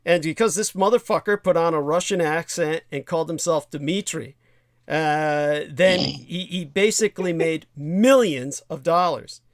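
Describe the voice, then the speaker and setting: A man's voice: a little high, unhurried, dry recording, clean studio sound. A man hosting a livestream talk show, rambling and emphatic, swearing freely as he tells a story. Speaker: show host.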